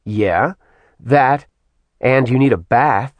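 A man's voice: mid-range voice, slow pace, no echo, lightly acted. A man voicing a bold, mocking young woman in a storybook reading. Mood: teasing. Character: sassy, teasing young woman.

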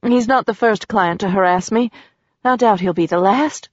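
A woman narrator voicing a frightened but stubborn young woman who talks back with sarcasm, pitched a bit higher. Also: normal speed, no echo, dull audio, close to an everyday voice. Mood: tense. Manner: tense, defiant, sarcastic.

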